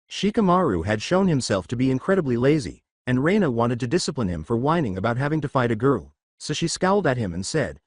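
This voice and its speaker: A man narrating a fan fiction story aloud in a steady reading manner. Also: medium pitch, fast, hardly any pauses, no echo, clean studio sound.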